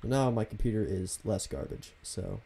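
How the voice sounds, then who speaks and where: A young man streaming a city-building game from his home computer, chatting casually with viewers in a soft, half-whispered, laid-back way. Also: lowish voice, expressive, moderate pace, vocal fry, breathy edge. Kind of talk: casual live-stream commentary.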